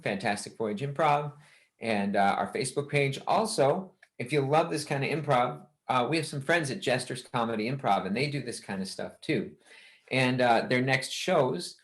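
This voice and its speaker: A man hosting a live improv comedy show, giving easygoing announcements with frequent ums and uhs. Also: medium pitch. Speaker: host.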